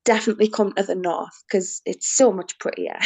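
Young woman guest, bubbly and effusive, mid-pitched voice, dry sound. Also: very animated, moderate pace, creaky, darkish tone, no echo. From Northeast England. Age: young adult. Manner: bubbly, effusive, says "like" often. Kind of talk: casual interview.

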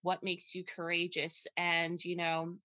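A woman co-hosts a podcast in casual chat, wandering through her thoughts with many asides. Her voice is bright and a little low-pitched. The sound is dry and close, with no room echo. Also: completely flat delivery, unhurried. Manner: rambling, lots of fillers and restarts. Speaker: podcast co-host.

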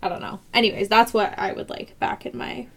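A woman's voice: medium pitch, fairly quick, creaky, a bit bright. A woman co-hosting a podcast, chatting casually, full of "like" fillers and restarts. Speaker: podcast co-host. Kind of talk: casual chat.

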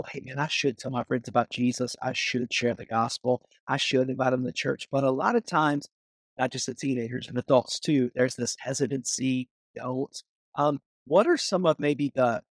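A man's voice: medium pitch, dry recording, studio quality. A man, a student pastor hosting a podcast, chatting casually and enthusiastically, calling his guest "man" and "dude".

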